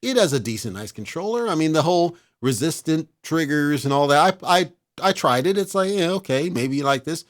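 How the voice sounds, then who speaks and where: A man's voice: a little high, lively intonation, brisk. A man hosting a casual talk show, giving blunt, exasperated opinions in a lecturing rant.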